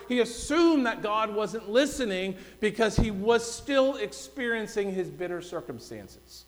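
Man, pastor, preaching, loud pleas then hushed passages, faint electrical hum, church sanctuary. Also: high voice, animated, moderate pace, few pauses. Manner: swings between loud pleading cries and hushed, quiet passages. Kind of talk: sermon. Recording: long hall reverb.

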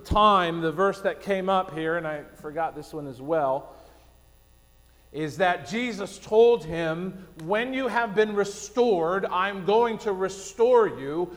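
A man preaching a sermon, telling a story and going quiet for the solemn parts. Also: high-pitched. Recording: long hall reverb.

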